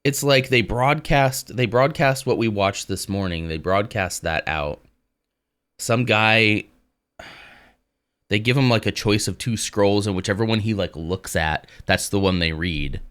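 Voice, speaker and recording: A man streaming live, reading aloud and chatting casually with his viewers in a relaxed, rambling way. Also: lowish voice, unhurried. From United States. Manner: relaxed and rambling, reads text aloud and answers chat.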